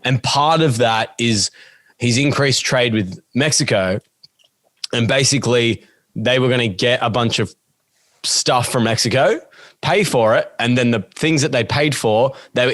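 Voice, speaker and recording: A man's voice: mid-range voice, moderate pace, a bit bright. A man co-hosting a casual podcast chat, explaining things with a wry tone. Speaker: podcast co-host.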